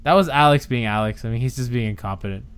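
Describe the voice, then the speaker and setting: A man's voice: mid-range voice, quick pace. A man hosting a casual podcast, teasing his co-hosts in laid-back banter. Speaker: podcast host.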